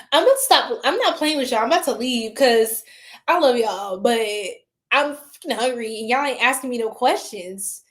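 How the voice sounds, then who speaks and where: A woman with an American lilt hosting a tarot livestream, chatting casually with her viewers, laughing often and swearing freely. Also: on the high side. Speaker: tarot reader livestream host.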